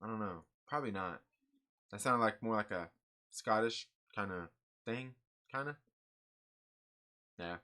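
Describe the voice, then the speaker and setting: Bright, rambling man chatting about comics. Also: fairly low pitch, a little slow, long pauses. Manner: rambling and upbeat, many "like" fillers. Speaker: comic book channel host. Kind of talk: casual live-stream chat, answering viewer comments.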